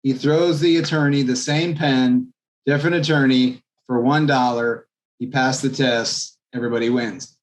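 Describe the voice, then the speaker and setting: A man, a real estate agent, telling an anecdote as a guest in a podcast interview, in a lively storytelling manner. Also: medium pitch, moderate pace. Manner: animated anecdote telling, acts out quoted voices.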